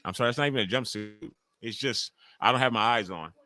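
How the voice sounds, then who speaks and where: A man's voice: medium pitch, quick pace, bright, forceful tone. A young man hosting a live watch-along stream, joking loosely and talking to chat viewers by name. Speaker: livestream host.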